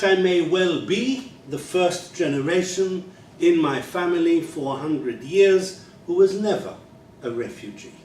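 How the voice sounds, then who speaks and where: A man's voice: a little high, a little hiss or hum. Man lecturing in an echoey hall. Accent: unusual English. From England. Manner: measured, wry storytelling. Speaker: guest lecturer. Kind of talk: public lecture. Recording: echoey hall, distant mic, faint ambience.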